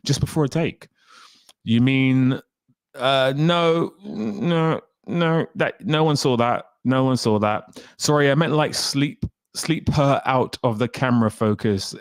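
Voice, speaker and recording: A man's voice: mid-range voice, no echo, clean studio sound. A man hosting a livestream, chatting casually and animatedly, reacting with exclamations and frequent laughs. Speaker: host.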